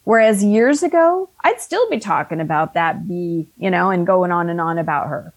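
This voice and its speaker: A woman's voice: on the low side, animated, normal speed. A woman in her fifties, an author and life coach, telling a personal story in an earnest, conversational way with frequent restarts.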